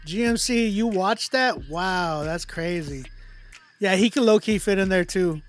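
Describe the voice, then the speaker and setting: A man hosting a casual livestream, chatting with viewers in slang and often trailing off into quiet mumbles. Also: high-pitched, expressive, slow pace, soft background music. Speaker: livestream host running a song battle.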